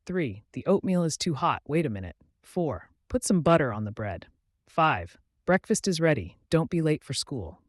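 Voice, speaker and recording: A man reading numbered everyday phrases slowly and clearly for learners. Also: a little high, very animated, no room sound, clean studio sound. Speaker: English teacher.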